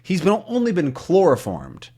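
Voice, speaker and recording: A man teaching English to learners, reading a comic aloud with slow, clear explanations. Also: high voice, wildly swooping pitch, a little mellow.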